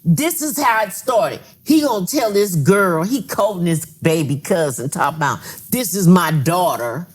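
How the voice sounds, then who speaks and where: An older woman, a grandmother, telling animated stories as a podcast guest and acting out quoted lines. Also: fairly low pitch, moderate pace, few pauses, husky. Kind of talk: casual storytelling. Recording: studio podcast with laughing audience.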